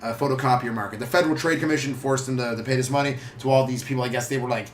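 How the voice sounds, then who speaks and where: A man's voice: medium pitch, racing, a little hiss or hum. A young man co-hosting a comedy history show, rambling casually, laughing often and slipping into silly voices. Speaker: comedy podcast co-host.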